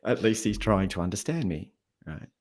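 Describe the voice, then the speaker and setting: A man's voice: fairly low pitch, moderate pace. A man speaking as a guest on a podcast in casual conversation, telling stories and acting out what people say. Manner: animated storyteller, acts out quoted voices. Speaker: podcast guest, habits coach.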